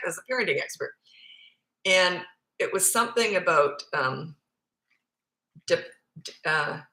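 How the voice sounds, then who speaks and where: A woman's voice: fairly low pitch, pushed and bright. A Canadian woman in her fifties with a trace of an Australian accent, a parenting coach answering viewer questions in a chatty, blunt, self-deprecating way. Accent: Canadian with some Australian. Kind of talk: casual live Q&A. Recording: roomy echoey phone recording.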